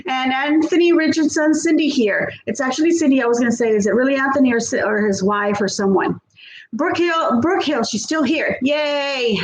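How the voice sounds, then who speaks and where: Woman host, chatty, high-pitched, echoey room recording. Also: normal speed. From Texas. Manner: chatty, greets viewers by name, lots of fillers. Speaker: livestream host. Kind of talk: casual livestream chat reading viewer comments. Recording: echoey room with faint background noise.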